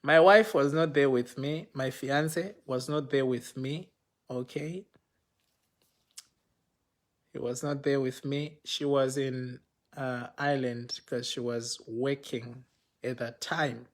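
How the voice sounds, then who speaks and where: A man's voice: medium pitch, fairly even intonation, slow pace. A young man telling a personal story on a livestream in a casual, rambling way, often repeating himself and checking in with viewers.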